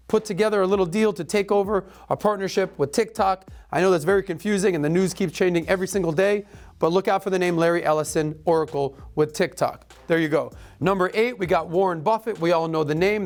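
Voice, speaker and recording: Middle-aged male podcast host, casual rapid-fire delivery, joking asides, faint music underneath. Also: high voice.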